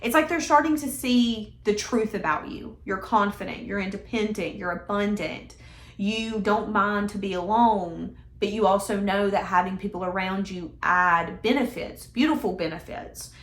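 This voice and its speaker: A woman's voice: mid-range voice, moderate pace, a bit bright, a little hiss or hum. A woman giving a casual tarot reading in a chatty, emphatic, conversational way. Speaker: tarot reader. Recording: echoey room.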